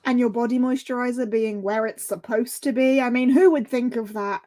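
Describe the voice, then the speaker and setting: A woman with a high voice chats on a livestream. She drops short, wry, teasing comments into the conversation. Her delivery is casual and relaxed. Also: normal speed. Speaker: livestream co-host. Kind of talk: casual chat.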